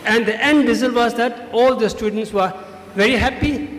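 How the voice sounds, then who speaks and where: A man's voice: very high voice, normal speed, fairly bright tone, a little hiss or hum. A man giving emphatic feedback to students as a debate judge, repeating his key points. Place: large school hall. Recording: echoey hall, faint ambience.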